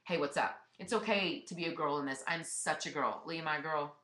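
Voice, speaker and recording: A woman's voice: sits low, fairly quick, pushed and bright. A woman fitness business coach giving a blunt, emphatic motivational webinar talk. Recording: echoey room.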